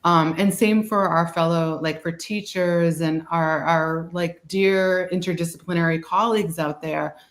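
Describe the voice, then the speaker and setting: Low-voiced Boston woman in an echoey room. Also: fairly even intonation, a little slow, hardly any pauses. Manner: rambling, heavy use of "like" and "you know". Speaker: guest speaker. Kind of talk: casual webinar talk.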